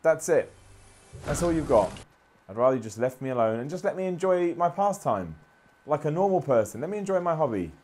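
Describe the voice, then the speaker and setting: Brief: games journalist, slightly high voice, lively self-mocking play-by-play. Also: male voice, fairly quick, a little hiss or hum. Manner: self-deprecating, swearing, muttering to himself. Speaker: games journalist playing a video game. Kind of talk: gameplay commentary.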